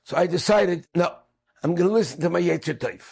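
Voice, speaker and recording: Man, middle-aged, storytelling, husky, animated, acts out quoted speakers. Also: high-pitched, a little fast. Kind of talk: storytelling talk.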